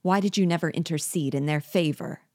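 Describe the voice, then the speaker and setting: Woman reading defiant young male captive, indignant, low voice. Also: a little fast, mellow, dry recording, clean studio sound, natural voice.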